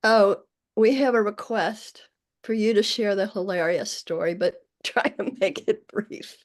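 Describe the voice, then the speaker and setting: A woman's voice: mid-range voice, measured pace. A woman hosting a panel who thanks the speaker and passes on requests in a brief, appreciative way. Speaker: host. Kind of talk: moderating a panel.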